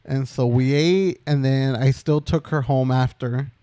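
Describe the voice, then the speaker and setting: A man's voice: medium pitch, steady tone, measured pace, warm tone. A young man co-hosting a casual podcast, telling a story in a rambling way full of "like" and "um". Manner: rambling, lots of "like" and "um". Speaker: podcast co-host.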